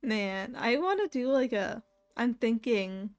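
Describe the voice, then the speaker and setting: Chatty young woman streamer, slightly high voice. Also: takes it slowly, soft background music. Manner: laughs often while telling a story, animated quoting of others. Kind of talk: casual chat.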